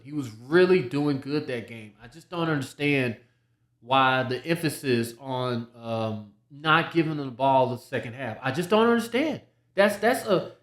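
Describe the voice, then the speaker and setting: A man's voice: fairly high pitch, roomy sound. A man hosting a solo sports podcast, talking casually, often repeating himself and restarting his sentences. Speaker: podcast host.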